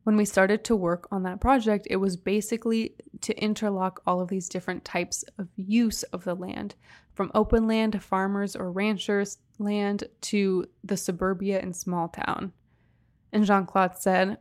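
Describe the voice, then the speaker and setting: A young woman co-hosting a podcast in an easy, conversational way. She tells the story and reads quotes aloud at an even storytelling pace. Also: mid-range voice, moderate pace. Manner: chatty, laughs easily, reads passages in a steady storytelling tone. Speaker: podcast co-host. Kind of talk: casual chat, reading quotes aloud.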